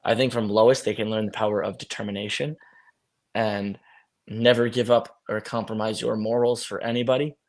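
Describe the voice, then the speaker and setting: A young man, an actor as guest, talking in an animated, storytelling way on a video call. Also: on the low side, moderate pace. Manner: animated storytelling, acts out friends' voices. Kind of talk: casual video-call interview.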